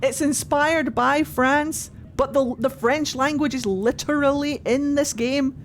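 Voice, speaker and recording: A woman's voice: sits high, fairly even intonation, measured pace, a little hiss or hum. A young Scottish woman streaming a game, chatting casually and animatedly, laughing often and swearing now and then. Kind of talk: casual gameplay commentary.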